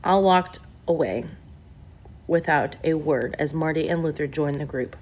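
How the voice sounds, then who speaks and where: A woman reading a novel aloud in a steady, plain storytelling manner. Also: low voice, measured pace, a little hiss or hum. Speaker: audiobook reader.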